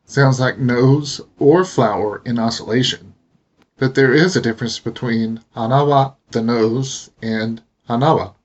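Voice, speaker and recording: A man teaching pronunciation in a steady, explanatory narration. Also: medium pitch, husky. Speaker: language teacher. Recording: dull lo-fi voice recording.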